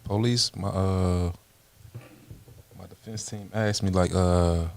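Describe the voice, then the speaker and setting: A man's voice: deep voice, steady tone, takes it slowly, vocal fry, no room sound. A man appearing as a guest on a radio talk show, speaking bluntly about his case against the police.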